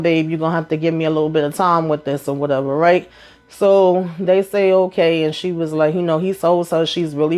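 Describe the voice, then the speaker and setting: Chatty woman recapping a TV episode. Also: low-pitched. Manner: animated retelling, quoting characters, frequent fillers. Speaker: TV recap host.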